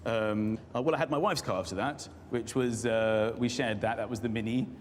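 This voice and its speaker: A British man, a talk show guest, telling a self-mocking comic anecdote with animated energy. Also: on the low side, moderate pace. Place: television studio with live audience. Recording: reverberant studio with audience noise.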